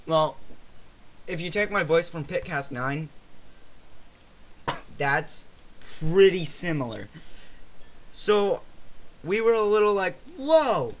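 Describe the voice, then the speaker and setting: Young man, podcast co-host, rambling casual talk, cracking voice, bright tone, faint hiss behind. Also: on the high side. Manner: rambling, swears often, frequent voice cracks. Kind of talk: casual chat.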